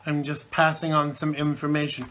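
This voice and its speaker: A man's voice: a little high, completely flat delivery, normal speed, fairly bright tone. A man hosting a live internet talk show from the UK, chatting and rambling with many fillers, recovering from a chesty cold. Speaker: host.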